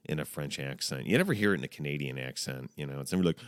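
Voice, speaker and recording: Deep-voiced man in a jokey mock-dramatic monologue. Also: quick pace, no room sound, studio quality. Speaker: podcast host. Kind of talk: casual comedic monologue.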